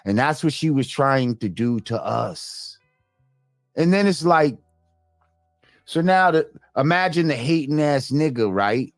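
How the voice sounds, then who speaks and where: Man, livestream host, profane rant, reads chat aloud, very animated pitch, dry recording. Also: unhurried, no room sound, soft background music. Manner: animated, swings between loud rants and mutters. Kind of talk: profane live-stream commentary.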